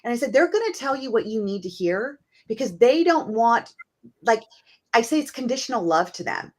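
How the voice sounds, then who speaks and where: A woman's voice: fairly high pitch, sing-song, normal speed. A woman hosting a casual conversation, talking earnestly and thinking aloud with lots of "you know" and "like.". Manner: earnest, talks things through with fillers like "you know" and "like". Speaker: host.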